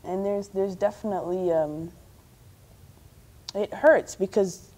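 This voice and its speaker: Reflective woman with a mellow British accent. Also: mid-range voice, slow pace. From Somalia. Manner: reflective storytelling, animated when quoting others. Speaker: panel speaker. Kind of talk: community panel discussion.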